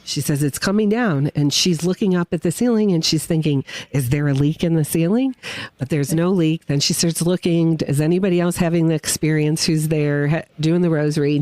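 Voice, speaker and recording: A woman's voice: low voice, dry recording. A woman guest on a podcast, telling a personal story with feeling and acting out what people said. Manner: animated, emotional storyteller who acts out quotes. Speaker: guest witness. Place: winery.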